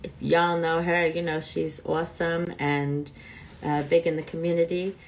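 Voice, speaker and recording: A woman's voice: lowish voice, level tone, moderate pace, slight background noise, poor audio. A woman hosting a live online talk show, chatting casually and thinking aloud while she waits for her guest, with allergies. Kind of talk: casual live-stream chat.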